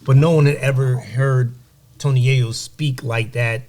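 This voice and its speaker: A man as a podcast guest, telling animated stories and giving emphatic motivational advice. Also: mid-range voice, unhurried. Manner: animated storyteller, acts out quoted voices. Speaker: guest, music executive. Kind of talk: storytelling in a podcast interview.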